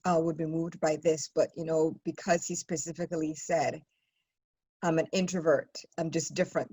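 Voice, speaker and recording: A woman co-hosting a podcast in casual conversation, talking haltingly with many restarts and fillers. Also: on the low side, a little mellow, slightly rough. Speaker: podcast co-host.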